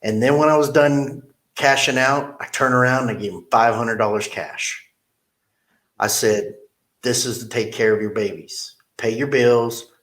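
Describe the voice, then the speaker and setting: A man's voice: mid-range voice, a little slow. A middle-aged man, a car dealership manager, telling a story in an interview and acting out the quotes in it. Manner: animated storyteller who acts out quotes.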